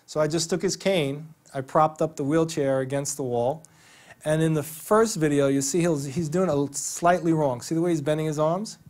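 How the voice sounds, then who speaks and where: A man's voice: fairly high pitch, normal speed, darkish tone. A man presenting a physical therapy training to an audience in a theater, conversational and enthusiastic, telling stories with quoted dialogue. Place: theater stage.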